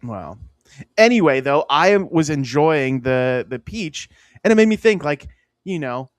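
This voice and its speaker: A man's voice: on the high side, sing-song, measured pace, no room sound. A man from Pennsylvania co-hosting a podcast, telling rambling stories in casual banter and laughing often. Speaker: podcast co-host.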